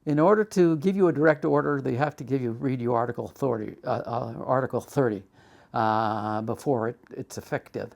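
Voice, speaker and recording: An older man telling his life story for a documentary, halting and full of restarts. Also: mid-range voice, gravelly, darkish tone. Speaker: documentary interviewee. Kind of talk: personal storytelling.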